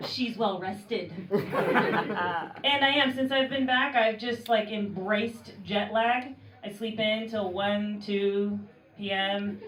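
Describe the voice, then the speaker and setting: A woman's voice: medium pitch, slow pace, background noise. A woman from Oakland, California performing a stand-up comedy set in a bar, talking casually and wryly, swearing freely and acting out the people she quotes. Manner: conversational, wry, swears freely, acts out quoted voices. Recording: roomy mic from far off, audience laughter.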